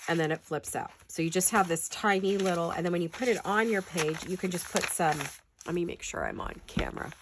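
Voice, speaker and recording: A woman's voice: lowish voice, a little fast, background noise. A woman with a stuffed-up nose from a head cold gives a chatty, rambling, self-deprecating paper-craft tutorial in her home studio.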